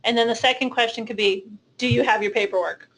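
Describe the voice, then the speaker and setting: A woman with a slightly high voice hosts a webinar. She keeps her questions short and practical, moving the conversation along to the next topic. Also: fairly even intonation, fast, fairly bright tone, a little hiss or hum, low-quality recording. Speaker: webinar host. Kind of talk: hosting a Q&A webinar.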